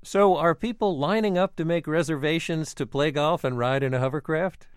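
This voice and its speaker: A man's voice: fairly high pitch, moderate pace, clear, resonant tone, no room sound, clean studio sound. A male radio host interviewing a guest, asking playful questions in an amused way. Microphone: studio mic.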